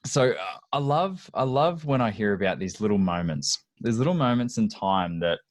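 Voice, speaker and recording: A man's voice: on the low side, no echo, studio quality. A middle-aged man hosting a podcast, chatting with enthusiasm, laughing often and telling anecdotes. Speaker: podcast host. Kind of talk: casual interview chat.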